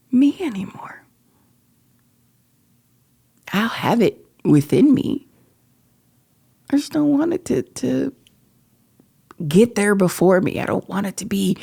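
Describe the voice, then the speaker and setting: A woman's voice: lowish voice, gravelly, darkish tone, breathy edge. A middle-aged woman hosting a podcast, talking through personal feelings in an earnest, emotional way that often drops to a whisper. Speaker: podcast host. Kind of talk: personal reflective monologue.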